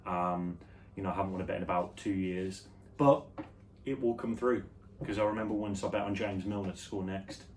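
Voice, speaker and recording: A young man with a British accent chats casually in a flat, offhand, musing way, sounding tired rather than lively. His voice sits a little low. He is picked up from a slight distance, with a faint noise underneath. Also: brisk. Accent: British English. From United Kingdom. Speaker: vlogger. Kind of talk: casual rambling chat.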